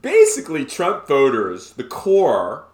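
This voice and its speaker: A man co-hosting a podcast in casual political chat, animated and quick to mock others in high put-on quotes. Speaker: podcast co-host. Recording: roomy echo.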